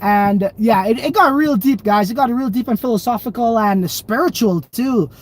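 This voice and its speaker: A man's voice: very high voice, normal speed. Profane, laughing man hosting a livestream. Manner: loose, rambling and profane, laughs often. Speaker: crypto livestream host. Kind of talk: casual livestream chat reading viewer comments.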